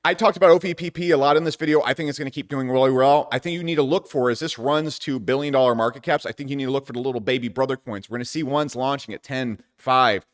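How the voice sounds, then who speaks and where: Man host, rapid casual commentary, brash and profane, long reverb tail on the voice. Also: medium pitch. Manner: brash and profane, with sudden loud bursts. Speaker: crypto channel host.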